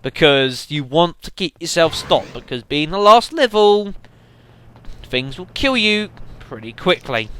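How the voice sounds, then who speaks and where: Bright, lively gamer commentating. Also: male voice, a little high, measured pace, clean tone. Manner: rambling with fillers and sudden exclamations. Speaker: let's play commentator. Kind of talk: casual gameplay commentary.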